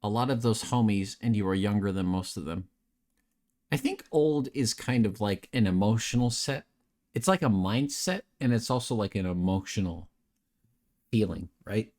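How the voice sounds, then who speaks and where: A man's voice: fairly low pitch, moderate pace, darkish tone. A young adult man hosting a late-night chat stream, rambling and joking as he reads out chat messages and answers them.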